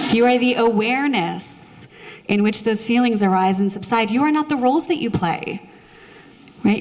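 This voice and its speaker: A woman leading a live audience in guided meditation, joking with them before moving into slow, soothing instructions. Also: a little high, a little mellow. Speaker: meditation teacher. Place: live show venue with audience. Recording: long hall reverb.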